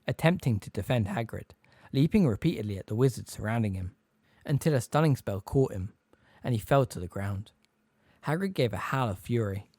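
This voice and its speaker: A man narrating an audiobook in an expressive, lively storytelling manner on a close mic. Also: mid-range voice, no room sound.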